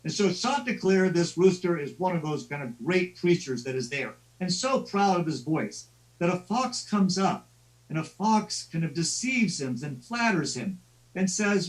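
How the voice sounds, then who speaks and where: High-voiced man lecturing from afar. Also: animated, measured pace, recorded from a distance, poor audio. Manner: conversational storytelling with stammered restarts. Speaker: lecturer on literature. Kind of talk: class lecture on a live stream.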